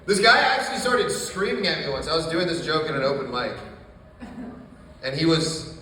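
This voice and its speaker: Guy doing deadpan dark standup at a small coffee shop, kinda high voice, sounds far off and echoey. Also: moderate pace, slight background noise. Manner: deadpan dark jokes, swearing. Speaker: stand-up comedian. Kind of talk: stand-up set.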